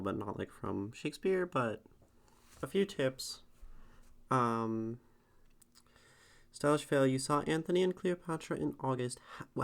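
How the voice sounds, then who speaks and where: A man's voice: mid-range voice, gravelly. An American man streaming casually, thinking aloud in a hesitant way with many fillers. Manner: musing, hesitant, lots of fillers.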